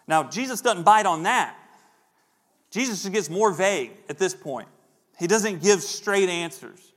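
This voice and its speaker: Middle-aged pastor, casual sermon delivery, slightly higher male voice, acts out quoted voices. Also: expressive, unhurried, fairly bright tone.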